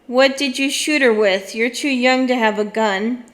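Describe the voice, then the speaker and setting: A woman voicing a stern, bitter older male magistrate from a storybook, gruff and accusing. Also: fairly high pitch, moderate pace, lightly acted.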